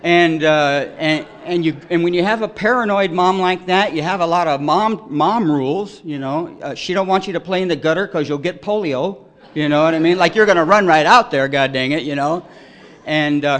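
A middle-aged man tells his own recovery story at a support meeting. He speaks in a slightly higher register than most men. He rambles in a loose, self-deprecating way and keeps returning to "you know.". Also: normal speed, fairly bright tone. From Detroit, raised in California. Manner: wry, self-deprecating humor. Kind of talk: AA share, storytelling.

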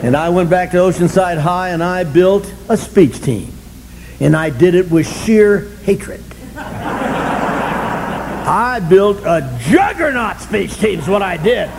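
An older man telling a humorous story at a recovery meeting, animated and self-mocking, swinging from loud bursts to low asides. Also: takes it slowly, gravelly, background noise. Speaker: speaker sharing his story at a recovery meeting.

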